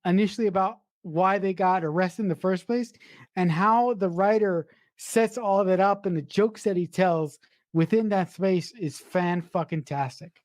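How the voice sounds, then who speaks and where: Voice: mid-range voice, moderate pace, a little mellow, dry recording, clean studio sound. A podcast co-host enthusiastically retelling film scenes, with casual swearing. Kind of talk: casual movie review chat.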